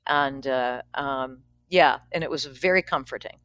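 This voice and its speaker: A woman's voice: extremely low pitch, unhurried, a bit bright, no echo, clean studio sound. A woman pastor telling a personal story in conversation, frank and earthy. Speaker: pastor and peacemaker guest.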